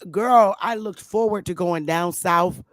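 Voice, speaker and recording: A woman from Connecticut hosting a casual conversation, talking in a slow, emphatic, outspoken way. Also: lowish voice, dry recording. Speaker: host.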